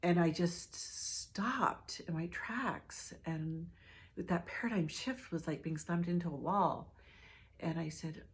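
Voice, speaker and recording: Low-voiced woman telling a personal story. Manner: reflective, halting with fillers and restarts. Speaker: hospice nurse.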